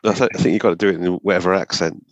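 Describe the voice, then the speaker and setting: A man's voice: low voice, steady tone, very fast, highs cut off. A man answering a film quiz in a casual chat with short, dry replies.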